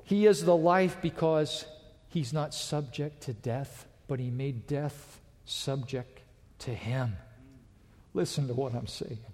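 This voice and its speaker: A man preaching a sermon to a congregation, dramatic, rising loud and dropping to a hush. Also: mid-range voice, slow pace. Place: church with a balcony. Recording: long reverb of a large church.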